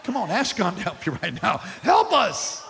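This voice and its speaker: A male pastor preaching a sermon, calling out to the congregation and swinging from quiet to loud. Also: high voice, animated, fast talker, creaky. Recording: hall reverb with faint music.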